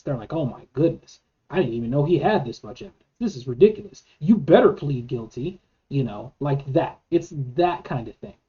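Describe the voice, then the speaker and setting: A woman's voice: deep voice, warm tone, lo-fi sound. A woman giving an earnest, argumentative monologue to camera, with many rhetorical questions and frequent restarts. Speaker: vlogger.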